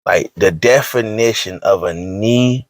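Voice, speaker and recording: A man's voice: lowish voice, measured pace, dry recording. Emphatic, scolding man in a dry room. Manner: emphatic and repetitive, scolding, slangy. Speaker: online commentator. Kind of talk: preachy rant to camera.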